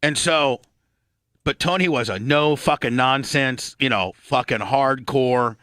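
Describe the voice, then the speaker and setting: A man in his fifties hosting a radio talk show, telling a rambling, profane story and clearing his throat often. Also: medium pitch, unhurried, bright, forceful tone, dry recording.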